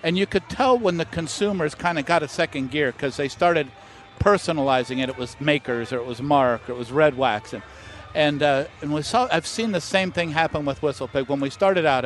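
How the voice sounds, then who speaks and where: Middle-aged male guest, lively storyteller, a bit high-voiced. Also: fairly quick, few pauses. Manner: animated anecdote-teller who acts out quoted voices. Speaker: master distiller guest. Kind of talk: casual storytelling interview.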